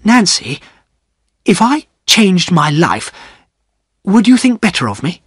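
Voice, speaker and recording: A man voicing an earnest young gentleman who pleads and turns bitter, in a storybook reading. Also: sits high, very animated, takes it slowly, breathy edge, dry recording, clean studio sound, voice pushed up, full character voice. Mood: pleading.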